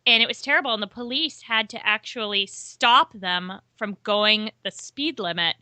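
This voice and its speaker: Bright-voiced woman podcast co-host. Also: mid-range voice, normal speed, no room sound. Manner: chatty, laughs often, explains with statistics. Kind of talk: casual chat.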